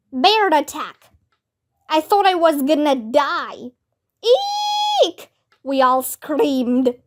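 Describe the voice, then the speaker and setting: A woman reading a children's book aloud in an expressive, animated way. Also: high-pitched. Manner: lively, expressive, voices characters with squeals.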